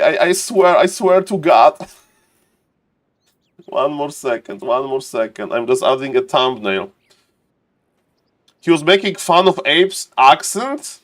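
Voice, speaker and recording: A man's voice: fairly high pitch, lively intonation, takes it slowly, pauses often. Chatty streamer man greeting viewers. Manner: chatty, laughs often, greets viewers by name. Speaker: streamer and game caster. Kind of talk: casual livestream chat to viewers.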